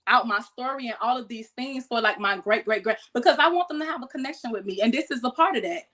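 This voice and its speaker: Woman, podcast guest, animated storyteller, fairly high pitch. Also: fast. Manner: animated storyteller, acts out quoted voices. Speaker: guest, exotic pet keeper. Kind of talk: casual storytelling chat.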